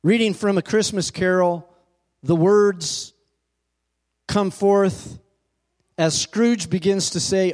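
A man preaching in a church sanctuary, pausing to ask for amens and put questions to the congregation. His voice sits somewhat high for a man, and he leans into its quieter low moments. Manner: call-and-response preaching, asks for amens. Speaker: pastor. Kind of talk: sermon.

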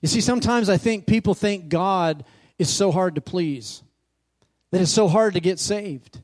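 With a high, somewhat mellow voice at normal speed, a male pastor preaches on scripture. He calls questions out to those gathered, his delivery swelling with emphasis.

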